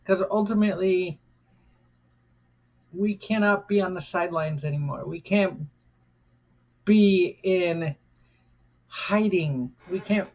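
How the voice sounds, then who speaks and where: A woman's voice: on the low side, takes it slowly, pauses often, darkish tone. An American woman vlogger giving an impassioned, defiant rant, cursing freely and repeating phrases for emphasis. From United States.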